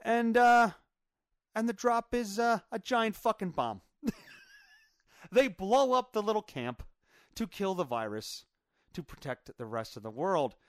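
Podcast host, male, slightly high voice, dry close mic, rambling and crude storyteller. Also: measured pace, pauses often, no echo. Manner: rambling, profane, animated retelling. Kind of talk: casual storytelling monologue.

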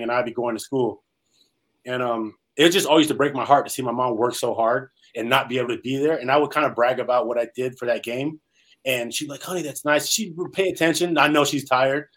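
A man's voice: mid-range voice, fairly bright tone, poor audio. A man from California, a former pro football player, telling his life story in an interview, earnest and rambling with many fillers. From Salinas, California.

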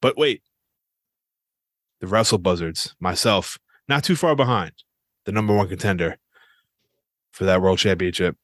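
A man's voice: sits low, unhurried, long pauses, no echo. A man hosting a wrestling podcast in loose, joking chat and swearing freely. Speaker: podcast host. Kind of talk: casual chat.

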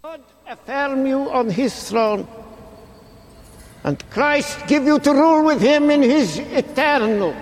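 A solemn intoning bishop. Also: male voice, very high voice, expressive, in a large hall, full character voice. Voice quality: slow intoning ceremonial delivery. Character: solemn bishop crowning an emperor, older man. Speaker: film clip.

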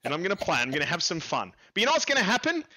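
A man's voice: sits high, huge pitch swings, racing, sharp tone. An Australian man co-hosting a gaming podcast, chatting in a playful, bantering, jokey way. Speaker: podcast co-host. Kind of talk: casual chat.

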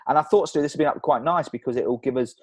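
A man's voice: medium pitch, very fast, slightly rough, no room sound. A man co-hosting a podcast in casual chat, rambling and laughing often. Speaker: podcast co-host.

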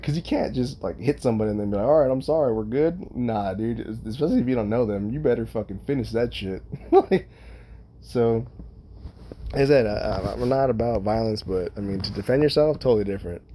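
A man hosting a podcast alone, talking in a profane, rambling, animated way with his own kids in mind. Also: medium pitch, a little hiss or hum. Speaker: podcast host. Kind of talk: casual solo monologue.

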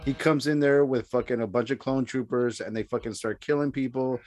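A man co-hosting a casual podcast chat, rambling in a relaxed way, swearing often and breaking into loud jokes. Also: medium pitch, brisk. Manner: laid-back, profane, rambling, with sudden loud joking outbursts. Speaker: podcast co-host.

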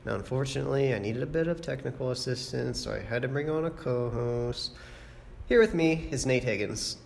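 A man's voice: brisk, gravelly. A man delivering a boastful, trash-talking mock radio segment to his rival league members. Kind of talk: mock radio show taunt. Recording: low-quality noisy recording.

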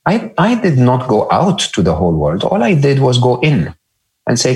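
A middle-aged man appears as a podcast guest, his mid-range voice creaky and sing-song at a normal speed. Reflecting in an interview, he thinks aloud, repeats his words, and often adds "right?" or "hmm?"

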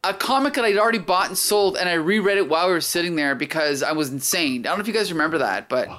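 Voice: medium pitch, animated, fast, fairly bright tone. A podcast host chatting casually, rambling through a side story and laughing often.

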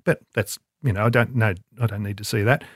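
A man's voice: fairly low pitch, fairly even intonation, brisk, no echo, studio quality. An older man, an advertising creative, telling a rambling, self-deprecating anecdote in an interview with many restarts. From Australia.

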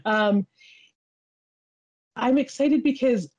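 A woman in her thirties hosting a podcast, chatting in a rambling, giggly, halting way. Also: fairly low pitch, expressive, warm tone, lo-fi sound. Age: 30s. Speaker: podcast host. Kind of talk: casual chat.

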